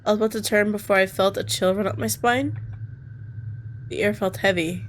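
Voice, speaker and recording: A woman streamer reading a visual novel aloud. She switches between calm narration and loud, laughing, cursing reactions. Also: mid-range voice, normal speed, a little hiss or hum. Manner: expressive, jumps from calm reading to squealing and laughing; casual and cursing in asides. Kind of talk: reading game text aloud with live reactions.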